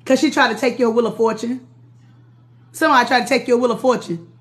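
A woman's voice: a little high, steady tone, fast talker. A woman runs a casual live-stream tarot reading. She talks to her viewers directly, chatty and easygoing, and laughs often. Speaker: tarot reader.

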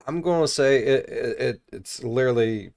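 A man reacting to a video with loud, excitable commentary and a lot of swearing. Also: medium pitch, normal speed, no room sound, clean studio sound.

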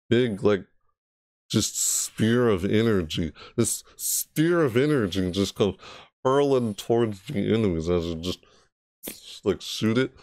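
A man's voice: lowish voice, darkish tone, dry recording, clean studio sound. A man giving casual, rambling reaction commentary on a game, chatty and full of restarts. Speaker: gaming video creator.

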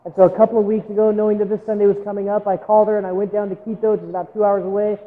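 A man's voice: high-pitched, level tone, very fast. A man preaching a sermon as a missionary, telling a story in an earnest, emotional way and often repeating words when moved. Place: church sanctuary. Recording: tinny phone-like sound with long hall reverb.

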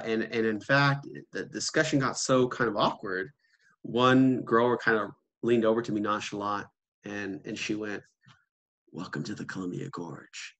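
A man's voice: mid-range voice, fairly bright tone. A man giving a conversational seminar talk, telling stories with quoted voices and asking rhetorical questions. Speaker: seminar speaker.

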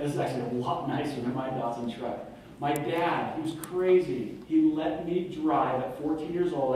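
A man's voice: on the high side, a little hiss or hum. A man in his thirties giving a talk as a guest speaker, telling self-deprecating stories and acting out the voices of the people in them. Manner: self-deprecating, animated, acts out quoted voices. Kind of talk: humorous lecture storytelling. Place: lecture hall. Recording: very echoey hall, far from mic.

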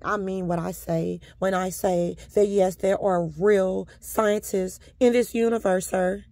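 Addressing someone again and again as "sir," this woman vlogger delivers a profane, combative monologue to camera laced with sarcastic politeness. She has a medium-pitched, warm voice with a steady tone and an unhurried pace, recorded without echo.

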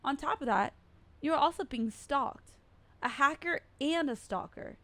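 A man's voice: extremely high pitch, lively intonation, unhurried, sharp tone, no echo, heavily acted. A woman reading the lines of a polite, creepy young male police officer, reassuring and overly familiar.

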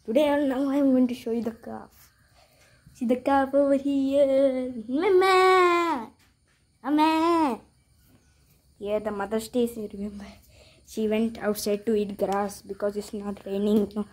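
Chatty high-voiced vlogger. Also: female voice, steady tone, moderate pace, mellow. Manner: chatty, talks to animals and viewers. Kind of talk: casual vlog narration. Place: home and yard with animals.

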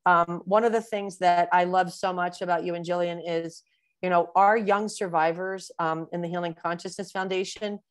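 A woman in her sixties, a physician being interviewed in a webinar, explaining at length in a warm, rambling way with many fillers. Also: lowish voice, fairly even intonation, normal speed, dry recording. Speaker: breast cancer physician, guest.

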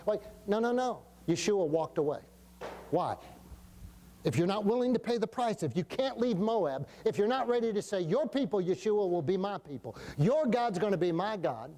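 Older pastor preaching in church, folksy storyteller, mellow warm tone but kinda high pitched. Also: male voice, normal speed. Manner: folksy, animated, acts out quotes, chuckles often. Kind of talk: sermon storytelling. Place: church sanctuary.

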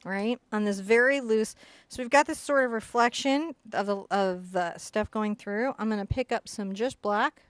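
A woman teaching an acrylic painting lesson, chatty and excitable, often bursting into giggly enthusiasm. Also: mid-range voice, normal speed, no room sound. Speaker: art instructor.

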